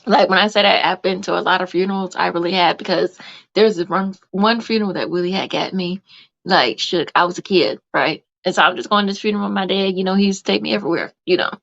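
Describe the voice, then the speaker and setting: A woman hosts a casual live podcast, her voice gravelly with vocal fry. She rambles through her stories, full of fillers. The sound is dull and lo-fi. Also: on the low side, quick pace, fairly bright tone. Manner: rambling storyteller with many fillers. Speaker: podcast host.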